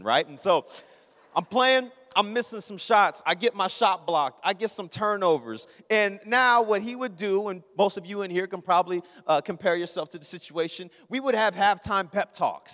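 A man's voice: high voice, fairly bright tone. A young man preaching a casual, joking sermon, telling stories and acting out his father's voice. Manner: conversational, joking, acts out his father's lines. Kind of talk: humorous sermon storytelling. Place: church sanctuary. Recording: long reverb of a hall.

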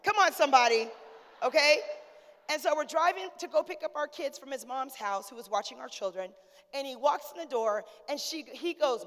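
A woman in her forties preaches from the pulpit in a high, lively voice, trading call-outs with her congregation. Her sermon has a relaxed, storytelling feel. The sound carries the long reverb of a church hall. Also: brisk. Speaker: pastor. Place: church sanctuary.

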